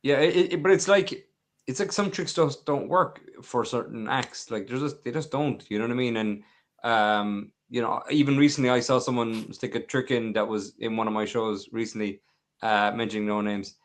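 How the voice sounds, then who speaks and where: A man's voice: medium pitch, normal speed. Chatty man with repeated asides. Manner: chatty, repeats himself, many "you know what I mean" asides. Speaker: magician podcast co-host. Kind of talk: casual chat.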